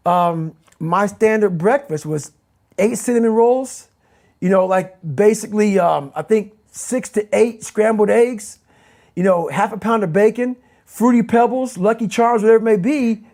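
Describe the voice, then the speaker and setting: A man's voice: sits high, normal speed, darkish tone. A man giving a motivational interview as the guest, speaking intensely and emphatically and repeating his key phrases.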